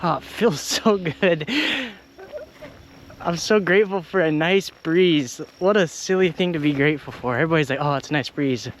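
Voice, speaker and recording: An excitable young man rambles into a handheld camera as he hikes a rural trail. His voice sits a little high for a man, and faint wind drifts behind him. He is chatty and easily delighted. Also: moderate pace. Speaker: thru-hiker vlogger. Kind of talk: casual vlog chat while hiking.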